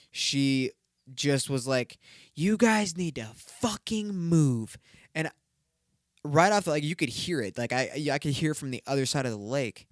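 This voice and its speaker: A man's voice: mid-range voice, clean tone, no echo, clean studio sound. A young man hosting a solo podcast, telling a story in a rambling, profane way, full of fillers. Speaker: podcast host.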